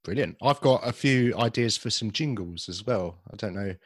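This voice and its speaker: A man's voice: fairly low pitch, lively intonation, moderate pace, dry recording, studio quality. A man co-hosting a podcast in casual chat, jokey and rambling about films. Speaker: podcast co-host.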